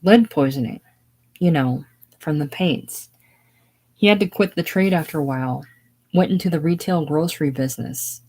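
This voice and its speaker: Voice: medium pitch, normal speed, pauses often, darkish tone, close to an everyday voice. A reader voicing an anxious widowed older seamstress. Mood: reminiscing. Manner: earnest, talkative, chatty reminiscing.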